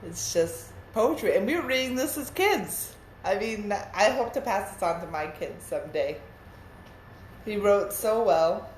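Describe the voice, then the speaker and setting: A woman's voice: medium pitch, animated, measured pace, darkish tone, roomy sound, a little hiss or hum, low-quality recording. A young woman reading children's poems aloud in a casual, playful way, laughing between verses. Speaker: poetry reader.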